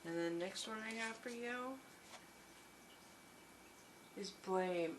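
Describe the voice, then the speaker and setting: A woman's voice: medium pitch, takes it slowly, pauses often, a little hiss or hum, poor audio. A woman giving a tarot reading, gushing and reassuring, often repeating her encouragements. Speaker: tarot reader.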